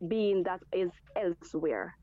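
A woman's voice: on the low side, expressive, measured pace, warm tone, dull audio. A woman calling in to a faith chat show, fervent and often repeating words as she starts a thought. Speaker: caller.

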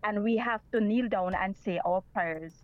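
A woman's voice: mid-range voice, normal speed, narrow, tinny audio. A woman calling in to a radio talk show, speaking earnestly and repeating her points. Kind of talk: call-in radio chat.

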